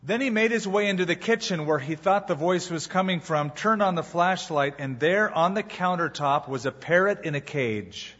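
A man preaching a sermon as pastor, telling a story with dramatic pauses before moving into his teaching. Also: high voice, expressive, fairly bright tone, muffled recording.

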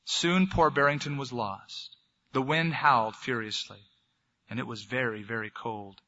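A man's voice: medium pitch, fairly even intonation, measured pace, pushed and bright. A man, a pastor, telling a story in a sermon and then leading a prayer. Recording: dull lo-fi recording.

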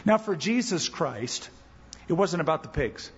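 A man preaching a sermon as pastor, animated, acting out quoted voices. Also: a little slow, breathy edge. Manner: animated, acts out quoted voices with rising pitch. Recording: dull church recording with long reverb.

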